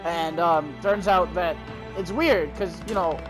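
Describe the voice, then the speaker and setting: A man's voice: high voice, unhurried, low-quality recording. A young man jokingly retelling a game's storyline to friends, rambling with plenty of fillers. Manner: rambling, lots of fillers and restarts, jokey. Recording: loud music behind.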